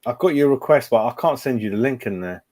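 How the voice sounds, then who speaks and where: A man's voice: mid-range voice, expressive, quick pace, darkish tone. A man hosting a live fan stream, chatting casually and muttering to himself while he fiddles with his computer. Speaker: fan channel host.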